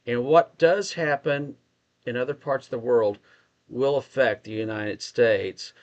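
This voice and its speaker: A man's voice: medium pitch, a little slow. Texan guy cohosting a politics chat, restarts a lot, kinda muffled audio. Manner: thinks aloud, restarts sentences, asks questions. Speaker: podcast co-host. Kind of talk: casual political discussion.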